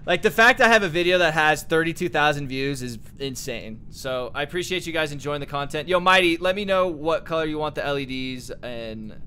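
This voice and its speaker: A young male streamer with a fairly high voice chats loosely on his livestream, reading out and thanking each new supporter. he sounds relaxed and easygoing, with a faint hiss of noise under him. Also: fairly quick, few pauses. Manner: thanks viewers one by one, relaxed. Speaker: streamer host. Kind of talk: casual livestream chat.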